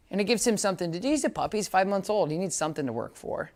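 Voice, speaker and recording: A man's voice: animated, fast, few pauses. Casual man teaching dog training. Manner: casual, explains while working a dog, sharp high praise commands. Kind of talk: hands-on training demonstration.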